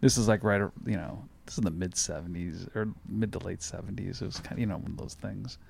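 A middle-aged man telling a funny, spooky childhood story in casual chat, animated and laughing easily. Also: lowish voice, quick pace, gravelly, slight background noise.

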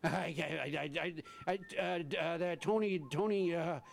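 Halting, gravelly radio host. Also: male voice, fairly high pitch, a little hiss or hum. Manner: rambling, halting, chuckling. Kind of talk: casual radio chat.

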